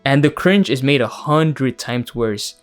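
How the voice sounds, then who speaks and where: A man delivers a scathing, foul-mouthed film review to his viewers. His voice sits at an ordinary middle pitch, and he keeps breaking into mocking laughter. Faint music plays behind him. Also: lively intonation, a little slow. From Mexico. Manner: blunt, profane, mocking, laughs often. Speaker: YouTube host. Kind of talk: casual film review rant.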